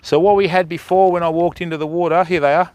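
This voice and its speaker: Wading in a river at night, an older Australian man runs a fishing livestream, chatting casually with viewers he calls mate and bud. His voice is fairly high and darkish in tone, delivered fast with fairly even intonation.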